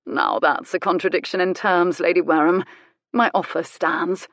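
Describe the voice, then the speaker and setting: A woman's voice: on the low side, fairly even intonation, moderate pace, a bit bright, no room sound, clean studio sound. A woman reading an audiobook, voicing a smug, cruel aristocratic man in a self-satisfied, sneering manner. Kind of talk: audiobook character voice.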